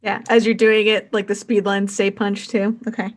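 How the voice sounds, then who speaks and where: A woman's voice: medium pitch, level tone, normal speed. Rambling woman game master. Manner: rambling, fillers, giggly. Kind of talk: narrating a tabletop game.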